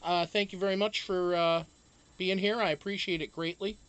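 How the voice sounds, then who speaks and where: A man's voice: high-pitched, steady tone, moderate pace, fairly bright tone, smooth. A man hosting a casual live stream, chatting loosely, greeting viewers one by one and swearing freely.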